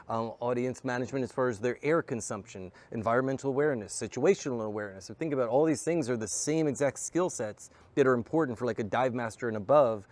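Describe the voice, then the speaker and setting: A man who teaches scuba and magic, guesting on a staff talk and telling stories in a casual, animated way, tossing in "right?" and "you know" often. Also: medium pitch. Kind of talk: casual storytelling chat.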